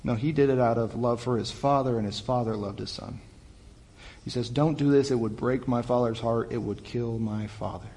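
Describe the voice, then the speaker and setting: A young male youth pastor, mid-range in pitch and speaking at a moderate pace, gives a chatty sermon that recasts the story in everyday words. He restarts phrases and stays animated, while the church hall adds a long reverb.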